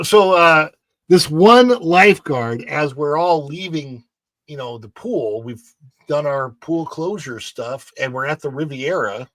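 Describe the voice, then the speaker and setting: Podcast co-host, man, middle pitch, rambling chat, dry studio sound. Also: a bit bright, no room sound. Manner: rambling, with many fillers and restarts. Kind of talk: casual chat and reading news. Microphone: studio mic.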